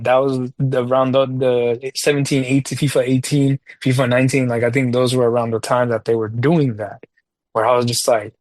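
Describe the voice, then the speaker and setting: Speaking at a normal speed with a steady tone and medium pitch, a father co-hosting a soccer gaming podcast chats casually and tells a drawn-out story. His talk is loose and rambling, heavy on fillers and slang, and there's no echo.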